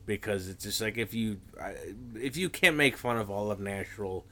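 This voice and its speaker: A man's voice: fairly low pitch, normal speed, a bit bright, a little hiss or hum. A man, podcast co-host telling a rambling story in casual chat, stammering and swearing a lot.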